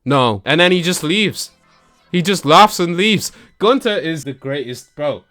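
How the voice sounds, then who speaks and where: A young man recapping wrestling shows in a casual vlog, excitable and slangy, laughing often and mimicking the wrestlers. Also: fairly high pitch, unhurried, faint music behind. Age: young adult. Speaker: wrestling YouTuber. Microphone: camera that tracks him.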